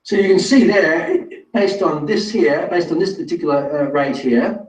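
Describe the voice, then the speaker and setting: A man's voice: on the high side, lively intonation, normal speed. A man presenting a live online webinar, talking straight to viewers in a chatty, self-correcting way. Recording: distant roomy lo-fi sound.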